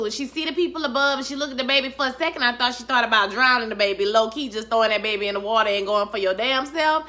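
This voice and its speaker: A woman casually recapping a TV episode in a chatty, animated, profane way, calling viewers honey and child. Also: fairly high pitch, quick pace, hardly any pauses. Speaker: vlogger recapping a TV series.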